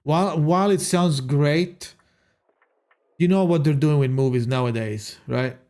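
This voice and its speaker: Male streamer, somewhat high voice, exasperated, profane, lots of restarts. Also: a little slow, a little mellow. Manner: exasperated, swears often, many restarts. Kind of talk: casual live-stream chat.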